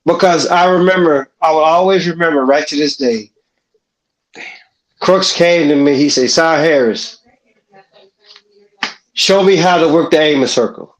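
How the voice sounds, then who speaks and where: A former officer reminiscing with old comrades, speaking deliberately and calling on them by name. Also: male voice, on the high side. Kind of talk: casual reminiscing. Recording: roomy echo.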